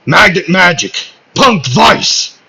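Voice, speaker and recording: A man doing a brash shouting young hero. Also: mid-range voice, big pitch swings, slow pace, vocal fry, heavily acted. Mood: shouting attacks. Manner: loud, raised, shouted attack calls. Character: brash shouting young male magic knight. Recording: slightly muffled lo-fi audio.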